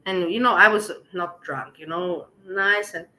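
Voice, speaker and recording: Woman, vlogger, casual storytelling, bright tone, animated, laughs often. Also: lowish voice, unhurried, poor audio. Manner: animated, laughing, acts out quoted dialogue. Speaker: vlogger telling a personal story.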